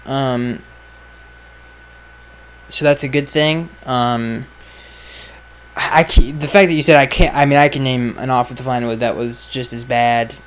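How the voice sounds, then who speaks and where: A man's voice: medium pitch, fairly even intonation, a little slow, pauses often, slight background noise. A man hosting a podcast, chatting casually and giving blunt, offhand opinions, his sentences often trailing off, recorded outdoors. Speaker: podcast host answering fan questions. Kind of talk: casual chat. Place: outdoors with flies around.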